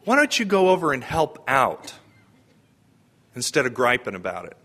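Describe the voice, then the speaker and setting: A man's voice: medium pitch, wildly swooping pitch, moderate pace, sharp tone. A man giving a homily in a conversational preaching manner, asking the congregation questions. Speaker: priest.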